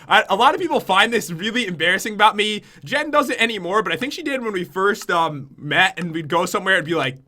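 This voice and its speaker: A man's voice: high-pitched, expressive, fast, few pauses, pushed and bright. A young man from Connecticut chatting to his viewers in a self-mocking YouTube vlog. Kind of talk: casual vlog confession.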